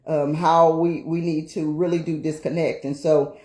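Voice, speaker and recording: A woman's voice: sits low, flat delivery, moderate pace, darkish tone. A woman minister giving an emphatic, testimony-style sermon. She repeats phrases for emphasis and often checks in with "right?". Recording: roomy echo.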